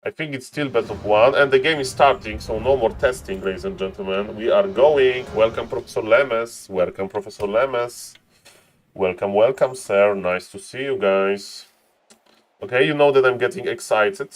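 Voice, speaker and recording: A man casting a strategy game live on stream, excitable, laughing often and calling out to ladies and gentlemen. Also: mid-range voice, normal speed.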